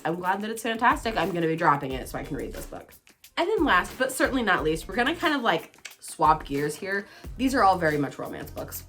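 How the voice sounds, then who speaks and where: A woman vlogging about books in an excitable, chatty way, teasing herself as she goes. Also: low-pitched. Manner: bubbly, excitable, self-teasing. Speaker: book vlogger. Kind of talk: casual chatty book talk.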